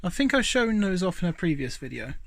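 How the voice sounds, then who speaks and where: A man's voice: sits high, sing-song, a little fast, creaky, no echo. A man talking casually while showing off his collectible collection, rambling with asides, filming on a handheld phone indoors at home. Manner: chatty and rambling, many fillers and asides. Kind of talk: casual show-and-tell vlog.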